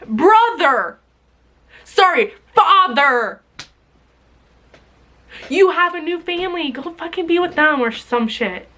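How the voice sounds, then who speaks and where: A young woman with a high, bright voice rants straight to camera. She is bitingly sarcastic and swears freely, and her voice catches with emotion at times. She speaks in an emotional vlog style. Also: animated, slow pace, pauses often. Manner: bitterly sarcastic, swearing, voice breaking. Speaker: vlogger. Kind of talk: emotional direct-to-camera rant.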